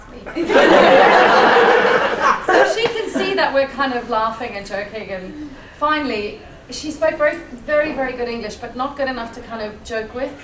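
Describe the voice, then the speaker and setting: A woman actress on a convention panel, telling a lively anecdote, laughing often and acting out the people she quotes. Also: on the high side, normal speed. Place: large convention hall. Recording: echoey hall, far from the camera, loud noise.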